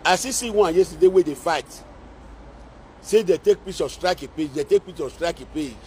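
A man's voice: sits high, normal speed, darkish tone, slight background noise. A man speaking Nigerian Pidgin English, scolding and mocking in a repetitive social media rant. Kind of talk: scolding live-video rant.

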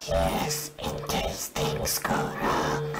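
A man voicing an ominous male caller who speaks in a slow, deep, eerie drawl. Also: loud music behind the voice.

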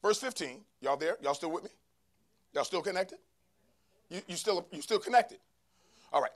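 A man preaching a sermon to a church congregation, calling for responses from the crowd and rising to shouts. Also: sits high, expressive, normal speed. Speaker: pastor. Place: church sanctuary.

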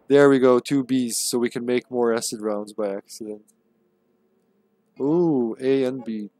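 A man with a medium-pitched, slightly mellow voice speaks slowly, leaving long pauses as he livestreams a horror game. He comments on the action, cracks jokes, tosses in sarcastic remarks, and chats casually with his viewers.

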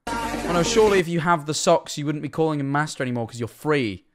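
A man's voice: a little high, fast talker, over loud music. A man streaming, giving casual reaction commentary, chatty and laughing often, with plenty of swearing.

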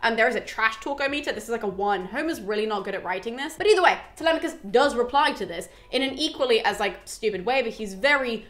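Young female host, slightly high voice, casual irreverent book recap with slang and swearing. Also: expressive, quick pace, hardly any pauses, fairly bright tone. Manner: chatty and irreverent, swears freely. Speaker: host retelling a classic epic.

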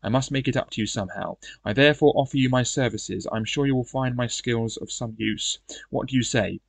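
A man's voice: mid-range voice, a little fast, vocal fry, dry recording. A man reading the lines of a friendly, jovial male hunter in a fantasy gamebook. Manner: hearty and welcoming.

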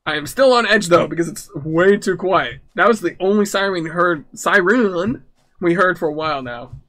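A young man jokingly commentating his horror game playthrough, nervous and excitable. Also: high voice, normal speed. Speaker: gamer. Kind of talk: let's-play commentary.

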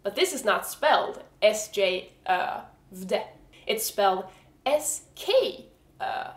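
Swedish woman, frank and slow, roomy. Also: medium pitch, sing-song. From Sweden. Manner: frank and swearing, exasperated humor. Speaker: vlogger teaching Swedish pronunciation. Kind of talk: casual video lesson.

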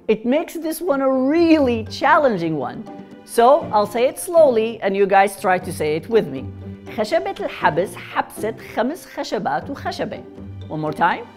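A woman teaching tongue twisters in a casual, playful lesson, rattling them off fast and then breaking them down word by word. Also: fairly high pitch. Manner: playful, chatty, reciting rapid tongue twisters. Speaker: Arabic teacher.

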